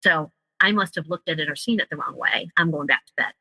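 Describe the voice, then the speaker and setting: A woman with a low, creaky, slightly rough voice that's pushed and bright speaks briskly in a rough recording with no echo. She's an interview guest recounting her personal story with emotion and vivid detail, voicing the dialogue of others.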